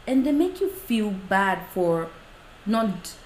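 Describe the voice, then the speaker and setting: A woman's voice: mid-range voice, slow. Chatty woman in an echoey room. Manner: animated, acts out quoted exchanges. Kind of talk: casual chat. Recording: echoey room with faint noise.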